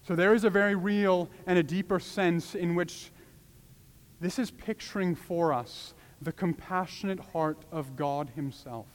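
A man's voice: sits high, unhurried, in a large hall. A man preaching a sermon, pleading with passion and rising to urgent cries.

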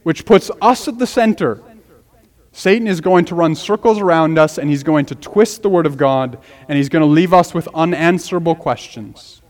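A man's voice: on the high side, normal speed. A man preaching an expository sermon as pastor, earnest and emphatic, repeating key phrases for weight. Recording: long hall reverb.

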